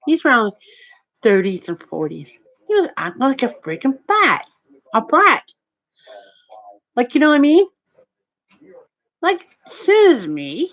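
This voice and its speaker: A woman's voice: a little high, fairly bright tone. A woman who retells an everyday run-in in a rambling, repetitive, indignant way. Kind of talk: rambling storytelling to camera. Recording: dull lo-fi recording.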